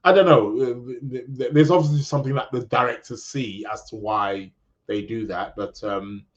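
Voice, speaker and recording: A man's voice: medium pitch, moderate pace. A man from England with a British accent, hosting a podcast in a casual, rambling live chat full of restarts. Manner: rambling, many restarts, chatty. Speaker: podcast host. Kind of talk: casual live-stream chat reading comments. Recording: dull lo-fi sound.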